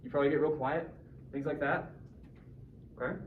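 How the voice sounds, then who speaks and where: A man's voice: a little high, fairly even intonation, normal speed. A male teacher leading a casual, joking class discussion and quizzing his students. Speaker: high school English teacher. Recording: roomy classroom from far off, dull, faint noise.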